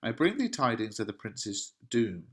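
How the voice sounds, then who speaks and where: A man's voice: fairly low pitch, big pitch swings, moderate pace. A man voicing an older male friar and mentor, reading verse aloud in a declamatory, scolding way. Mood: counselling. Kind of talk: dramatic reading of a play.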